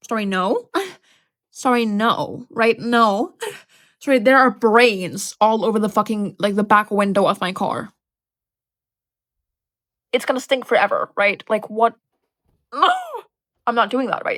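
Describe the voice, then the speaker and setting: A woman's voice: a little high, no echo. Sarcastic, swearing young woman vlogger. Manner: animated, sarcastic, swears a lot, says "like" and "right?" often. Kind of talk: casual chat. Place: bedroom.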